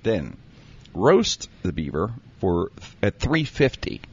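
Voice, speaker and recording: A man's voice: lowish voice, sing-song, slow pace, slight background noise. A man rambling through a comic recipe bit, joking and breaking into laughter. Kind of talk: comedic banter, reading a recipe aloud. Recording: dull lo-fi recording.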